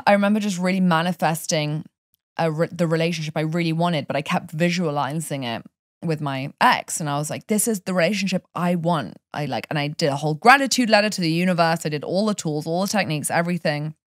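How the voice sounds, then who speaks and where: A passionate woman from Europe talks in a relaxed podcast chat, telling personal stories with feeling. Her voice sits fairly low, and the recording is dry and close, with no room sound. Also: a little fast, no room sound. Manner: passionate, animated storytelling. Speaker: life coach guest.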